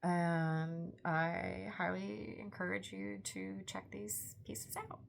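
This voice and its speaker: A woman's voice: fairly low pitch, takes it slowly, gravelly, background noise. A woman in her forties hosting a book vlog, chatty and enthusiastic in a rambling, casual way. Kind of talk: casual book review chat.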